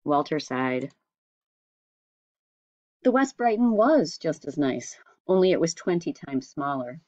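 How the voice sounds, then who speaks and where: A woman reading a storybook aloud in a steady, measured way. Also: sits low, no echo, muffled recording. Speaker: audiobook reader. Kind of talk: storybook narration.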